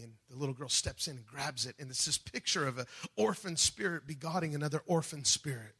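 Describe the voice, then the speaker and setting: A man preaching a sermon with passion, swinging between loud, rising peaks and soft, low drops, acting out quoted voices along the way. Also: quick pace, few pauses, slightly rough. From United States. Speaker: pastor.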